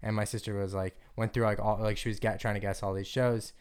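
A man's voice: lowish voice, level tone, quick pace, a little mellow, smooth. A young man co-hosting a podcast, chatting in a bubbly, rambling way and laughing often. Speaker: podcast co-host. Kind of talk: casual chat.

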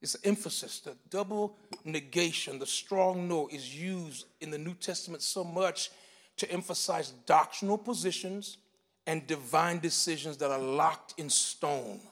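A male pastor preaching a sermon, moving between loud, emphatic bursts and quiet, explanatory teaching. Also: on the high side, unhurried. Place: church sanctuary. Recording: long hall reverb.

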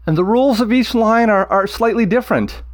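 A man who teaches Latin, explaining poetic meter to listeners with enthusiasm, chanting the rhythms aloud in a deliberate way. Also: sits high.

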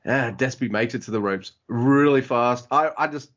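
A man co-hosting a casual wrestling podcast, excitable and sweary, acting out wrestlers' lines as he recaps. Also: mid-range voice, moderate pace. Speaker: podcast co-host. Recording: dull lo-fi audio.

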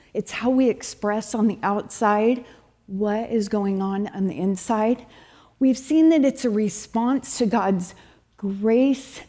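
A middle-aged woman preaching a sermon at church, animated, acting out quoted complaints with sudden high bursts. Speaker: church speaker.

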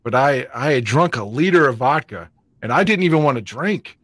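A man's voice: medium pitch, animated, moderate pace, a bit bright, dry recording. A middle-aged man hosting a podcast, telling blunt, profane, self-mocking stories in casual chat. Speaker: podcast host. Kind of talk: casual storytelling.

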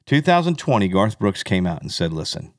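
A man's voice: a little fast, dry recording, clean studio sound. A man co-hosting a podcast, chatting casually and rambling about country music. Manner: rambling, animated, drops into low impressions of others. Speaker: podcast co-host.

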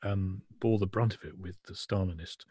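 A man co-hosting a podcast, talking about art in a thoughtful, halting way with many restarts and a husky voice. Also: sits low, fairly even intonation, a little mellow, dry recording, clean studio sound. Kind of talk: casual chat about art.

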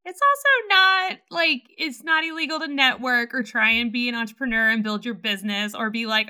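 Female co-host, very bright slightly high voice, casual and reactive. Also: moderate pace, hardly any pauses, smooth. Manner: reactive, chatty. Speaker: podcast co-host. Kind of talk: casual chat.

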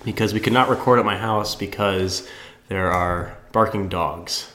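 Low-voiced joking man in a roomy basement. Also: pushed and bright, slight background noise. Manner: joking, quick reactions and laughs. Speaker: podcast co-host. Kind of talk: casual chat. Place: church basement. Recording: echoey basement room.

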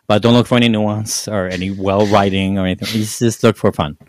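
A man's voice: lowish voice, fairly even intonation, fairly quick. A man co-hosting a casual movie review chat, rambling with many restarts. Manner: rambling, frequent restarts and fillers. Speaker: podcast co-host.

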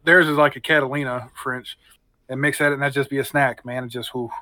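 A man's voice: medium pitch, level tone, a little fast, bright, forceful tone, dry recording. A married man, a guest in a casual podcast chat, talking earnestly and enthusiastically about food.

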